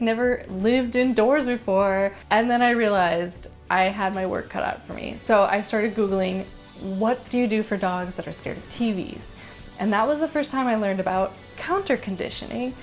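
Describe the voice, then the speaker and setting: A young woman vlogger telling a story to camera in a casual, animated way, rushing through quick asides. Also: mid-range voice. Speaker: vlogger and dog owner.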